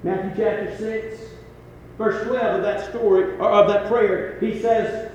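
A man preaching a sermon in a folksy way, rising to emphatic peaks and then dropping quiet. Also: high voice, takes it slowly, muffled recording. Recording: very echoey hall with faint noise.

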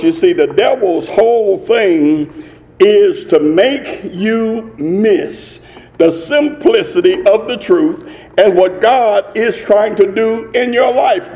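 A man's voice: high voice, animated, takes it slowly, dark tone, long reverb tail. A man preaching a sermon with emphatic rising cadences and repetitions.

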